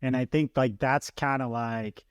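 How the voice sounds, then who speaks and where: Seorang pria pembawa acara podcast bertanya dan merangkum dengan santai. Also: male voice, medium pitch, steady tone, measured pace, clear, resonant tone, no room sound, clean studio sound. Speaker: podcast host. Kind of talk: interview questions.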